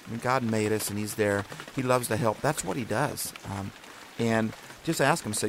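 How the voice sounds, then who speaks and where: A man's voice: fairly low pitch, moderate pace, slight background noise. A man hosting a podcast, giving a casual devotional talk in an earnest, encouraging way that rambles and restarts often. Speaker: podcast host.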